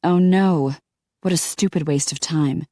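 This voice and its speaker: A woman's voice: deep voice, measured pace, mellow, no echo, studio quality. A woman narrator voicing a panicked young woman dentist in hiding, in frantic, breathless outbursts. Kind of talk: audiobook character voice.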